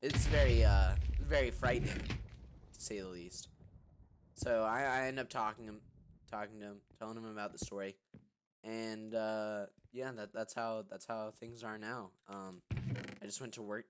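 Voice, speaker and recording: Young man, lowish voice, chatty storytime vlogger, loose and rambling, noisy clicky recording. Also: fairly even intonation, moderate pace. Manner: rambling, lots of fillers and restarts. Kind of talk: casual storytime while gaming.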